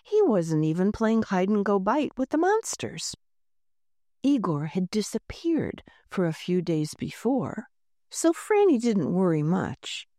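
A woman reads a children's chapter book aloud, her voice warm and mellow and set fairly low. Her pitch rises and falls in a lively, expressive way, and the recording is close and dry. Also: unhurried, no echo. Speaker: narrator. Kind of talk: storybook narration read aloud.

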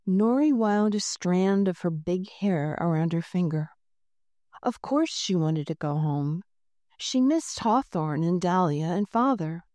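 A woman narrating a children's storybook in a gentle, unhurried reading voice, lightly voicing the characters. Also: on the low side, expressive, dry recording. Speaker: audiobook narrator.

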